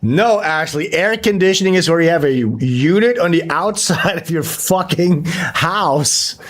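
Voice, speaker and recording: A man's voice: on the high side, animated. A man hosting a livestream in crude, mocking casual chat. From Europe. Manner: crude, mocking, fast bursts. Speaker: stream host.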